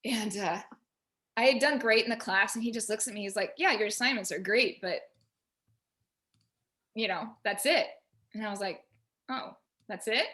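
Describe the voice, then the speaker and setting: A woman on a video call at home, telling a personal story in an animated way and quoting herself and others. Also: mid-range voice, moderate pace, pauses often. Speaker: featured artist guest. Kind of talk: casual video call discussion.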